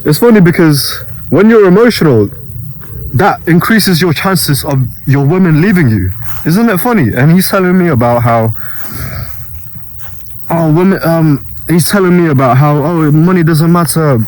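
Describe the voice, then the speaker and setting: A man's voice: on the high side, expressive, normal speed, darkish tone, low-quality recording. A young man vlogging about self-improvement, telling a casual story with many restarts and quoted voices.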